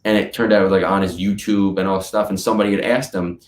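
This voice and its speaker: A man's voice: sits low, fast. A young man being interviewed as a guest drummer, telling stories animatedly and saying "like" often. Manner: animated storyteller, many "like" fillers. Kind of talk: casual interview chat. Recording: echoey room.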